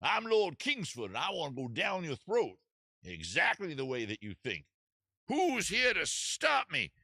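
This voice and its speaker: A man voicing a swaggering Southern gentleman villain with a Southern US accent, drawling slowly and boasting. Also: on the high side, wildly swooping pitch, creaky, no echo, studio quality, voice pushed up, exaggerated voice. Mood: menacing boast.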